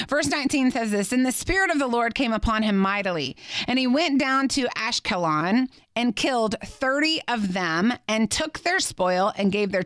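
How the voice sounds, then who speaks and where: A woman with a slightly high voice hosts a Bible teaching podcast. She reads scripture aloud and breaks off into animated, joking asides. Her voice is close and dry, with no room sound. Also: dry recording. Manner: chatty and animated, with playful asides between verses.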